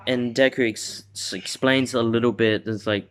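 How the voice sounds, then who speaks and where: A man's voice: mid-range voice, fairly even intonation, moderate pace, hardly any pauses, smooth. A man casually retelling a fan-made story, rambling with lots of "like" and restarts. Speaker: video host.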